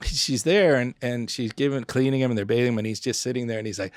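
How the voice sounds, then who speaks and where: A middle-aged man from Florida telling lively stories on a podcast, acting out his friends' voices and laughing often. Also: medium pitch, quick pace, no echo, clean studio sound. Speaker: podcast guest, former pub owner. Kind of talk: casual storytelling.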